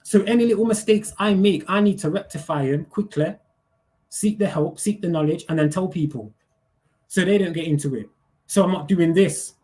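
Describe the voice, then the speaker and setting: This middle-aged livestreamer has a high, slightly mellow voice as he rants in thick street slang, swearing freely. The tone is casual yet heated, and he keeps checking "you get me."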